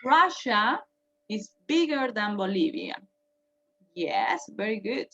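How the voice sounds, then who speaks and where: A woman's voice: medium pitch, sing-song, slow, pushed and bright, muffled recording. A woman teaching English grammar, patiently repeating each point and translating it. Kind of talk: bilingual grammar lesson.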